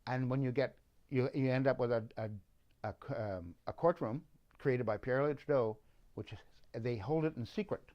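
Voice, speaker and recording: A man telling a long, rambling story, halting with fillers and restarts. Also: mid-range voice. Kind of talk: rambling monologue. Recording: dull lo-fi recording.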